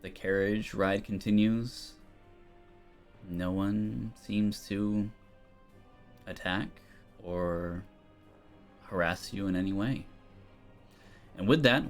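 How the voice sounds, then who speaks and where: A man narrating as game master of a tabletop game, loose and relaxed with frequent ums. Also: on the low side, takes it slowly, long pauses, soft background music.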